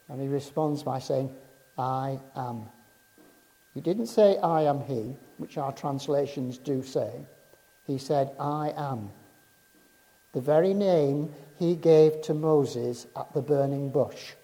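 A man delivers a sermon at a slow, deliberate pace, his voice deep and mellow in tone yet a little higher than most men's. He preaches with measured emphasis and lets his voice sink low and quiet on key phrases. The sound carries a long reverb from the hall around him.

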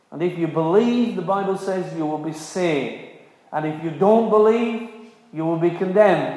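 A man's voice: fairly high pitch, a little mellow. A man preaching a sermon, earnest and emphatic, repeating key phrases for stress. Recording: very echoey hall with long reverb.

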